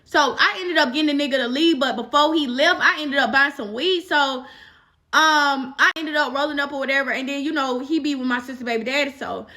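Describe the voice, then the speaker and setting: A young woman with a high, bright voice tells a story on her vlog. She talks in a loose, profane way and keeps reaching for fillers. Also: brisk. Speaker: vlogger. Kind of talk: casual storytime.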